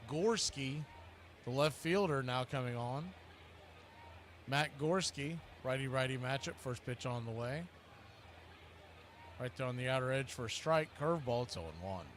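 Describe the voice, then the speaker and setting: A man's voice: animated, moderate pace, pauses often, slight background noise. A man calling live baseball play-by-play with a wry, chatty manner, often correcting himself. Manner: wry, self-correcting, chatty between pitches. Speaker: play-by-play announcer.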